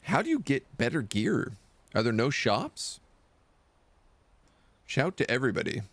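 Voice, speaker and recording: Chatty male streamer, lively pitch. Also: unhurried, no room sound. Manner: chatty, reads game text aloud. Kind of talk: casual game commentary.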